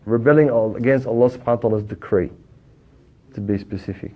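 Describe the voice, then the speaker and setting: An Australian man teaching a class, shifting from loud, pressing rhetorical questions to quiet asides. His voice sits in an ordinary middle pitch. The recording is muffled and lo-fi. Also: fairly even intonation, fast. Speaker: religious teacher. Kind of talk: lively classroom lesson. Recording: dull lo-fi recording.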